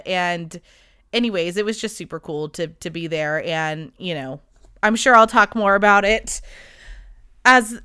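Young woman, podcast host, casual chatty talk, bright tone, smooth clear voice. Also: medium pitch. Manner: chatty and animated, quick laughs. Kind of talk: casual solo podcast chat.

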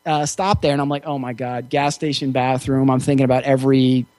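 A man as an interview guest, telling a personal story in a relaxed, reflective way with frequent fillers. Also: mid-range voice, a little fast, dry recording. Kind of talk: casual storytelling.

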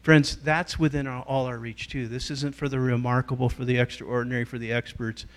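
A middle-aged man, a guest church leader, giving a teaching talk and telling stories in an animated way, acting out the voices of people he quotes. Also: mid-range voice, fairly quick.

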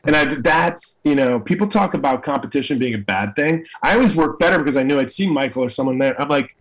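A middle-aged man from New York City, an actor telling stories from his career in a lively conversational way. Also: medium pitch, fast talker, low-quality recording. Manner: animated storyteller, acts out quoted voices. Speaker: actor and guest. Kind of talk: storytelling in conversation.

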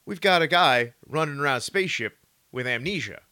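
A man's voice: fairly high pitch, expressive, brisk, bright, forceful tone, clear, resonant tone, dry recording. A man co-hosting a podcast, asking playful, teasing questions in casual chat. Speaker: podcast co-host.

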